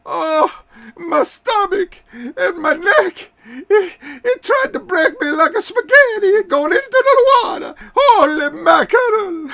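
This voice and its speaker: A man's voice: extremely high pitch, lively intonation, slow, vocal fry, pushed and bright, pitched above the performer's own voice, heavily acted. A man voicing a tearful, overjoyed male wrestler from Italy who wails and gasps as he cries. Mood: tearful elation. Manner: wailing, gasping, tearful. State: crying.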